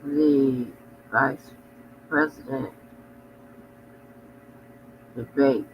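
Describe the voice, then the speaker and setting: A man's voice: medium pitch, fairly even intonation, very slow, lo-fi sound, slight background noise. A very sleepy man hosting a casual livestream, rambling and drowsy, trailing off into mumbles as he yawns. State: very sleepy, yawning. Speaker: livestream host.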